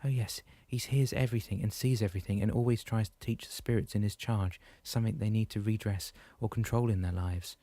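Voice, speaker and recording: Wise gentle mother voiced by a male reader, soft and patient, dry storybook read. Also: on the low side, steady tone, brisk, hardly any pauses, no echo. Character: calm wise mother, middle-aged woman.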